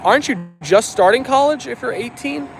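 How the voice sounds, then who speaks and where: High-voiced chatty man streaming outdoors. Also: animated, brisk, slight background noise. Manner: chatty, reads viewer comments aloud and answers them. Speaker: live-stream host. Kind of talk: casual live-stream chat. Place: outdoors with his dogs.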